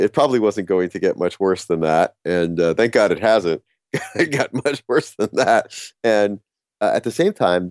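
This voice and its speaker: Middle-aged man, deep voice, relaxed self-deprecating storyteller who stumbles and restarts; dry, close recording. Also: dry recording. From New Jersey. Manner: halting, many restarts, laughs at himself. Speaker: speaker on courage. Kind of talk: casual storytelling monologue.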